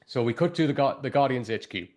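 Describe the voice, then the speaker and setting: A man's voice: mid-range voice, expressive, fast talker, darkish tone. A man hosting a casual show review, rambling with lots of "like" and the odd swear word. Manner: rambling, heavy use of fillers and profanity. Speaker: podcast host.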